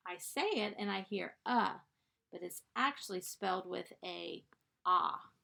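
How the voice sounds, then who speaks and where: A woman's voice: fairly low pitch, moderate pace, vocal fry, fairly bright tone. A woman teaching first graders, giving a dictation lesson in a patient, encouraging way and stretching out the sounds of each word. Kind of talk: slow, clear classroom dictation.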